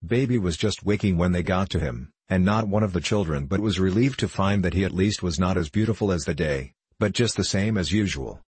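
Low husky male audiobook narrator. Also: a little fast, hardly any pauses, dry recording. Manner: steady, storybook reading.

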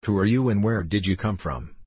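A shrewd, crooked old gnome king, cast out of his throne, who talks in a wry, sly way in a storybook tale, as a man reads him. His voice is deep and husky, recorded close and dry. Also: lively intonation, fairly quick, a little mellow, no room sound. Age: older.

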